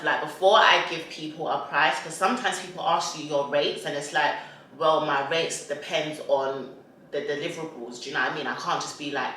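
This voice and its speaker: A woman's voice: sits low, pushed and bright, slight background noise. A young woman chatting casually and sassily as a content creator, slipping into little voices for quotes. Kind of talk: casual chat while eating. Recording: very echoey room.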